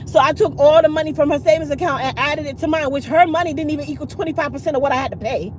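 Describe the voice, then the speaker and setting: Racing along with hardly any pauses, a middle-aged vlogger with a high-sitting voice tells viewers a long story over slight background noise. Her chat is casual and animated, and she impersonates the other people in the tale.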